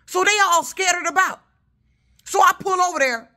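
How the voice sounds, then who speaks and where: A woman truck driver, telling a heated, profane story in a loud voice. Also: very high-pitched, normal speed. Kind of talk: casual vlog rant.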